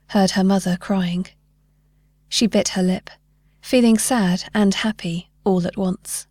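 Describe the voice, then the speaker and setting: A woman narrating a fantasy short story in a measured, gentle reading voice. Her voice sits mid-range and sounds close and dry. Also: mid-range voice, no room sound.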